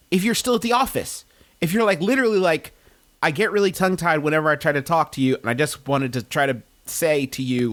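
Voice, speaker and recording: A man co-hosting a comedy podcast, talking animatedly and jumping up in pitch for emphasis during casual advice chat. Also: a bit bright, dry recording. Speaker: podcast co-host.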